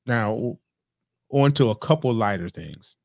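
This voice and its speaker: A man hosting a podcast interview, chatty and joking, with quick reactions. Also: fairly low pitch, lively intonation, gravelly, no room sound, clean studio sound. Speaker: podcast host.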